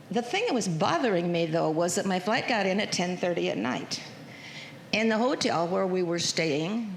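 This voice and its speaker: An older woman telling a chatty, folksy personal testimony to a church congregation. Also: mid-range voice. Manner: chatty, folksy storyteller, emotional. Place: church sanctuary. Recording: echoey church hall with faint noise.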